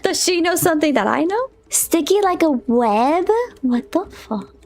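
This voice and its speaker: Very high-pitched and a little mellow, this VTuber speaks unhurriedly with lively intonation during a casual live-stream chat with viewers. She's giggly and flustered, often squealing, and talks to herself while fixing her setup.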